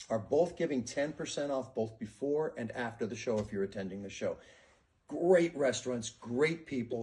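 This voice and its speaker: A man chatting casually as an interview guest, friendly and laughing often, with some halting restarts. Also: mid-range voice, darkish tone. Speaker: interview guest, performer in a musical.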